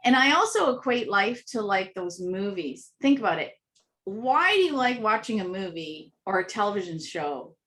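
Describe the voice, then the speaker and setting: A woman telling animated anecdotes as an interview guest, acting out little voices and laughing often. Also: mid-range voice, normal speed. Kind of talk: casual storytelling interview.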